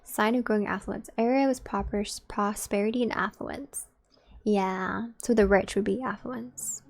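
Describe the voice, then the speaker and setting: A woman's voice: mid-range voice, steady tone, normal speed, gravelly, a little mellow. Chatty woman streaming a game. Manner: chatty, musing aloud to chat. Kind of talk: casual gameplay commentary.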